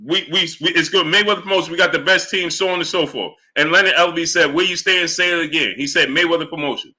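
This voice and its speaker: A man hosts a live sports stream in a high, very bright voice. He pushes exasperated rhetorical questions at his viewers and repeats his point, then drops into a low mutter to greet people in the chat. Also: fast talker. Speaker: sports livestream host.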